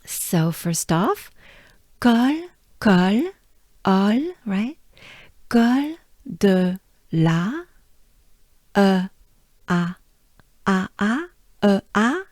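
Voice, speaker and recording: A woman's voice: mid-range voice, very animated, drawn-out words, pauses often, darkish tone, no echo, clean studio sound. A French-accented woman, a native French speaker, teaching pronunciation as host. She patiently repeats sounds and coaches the listener along. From France. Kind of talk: pronunciation drill lesson.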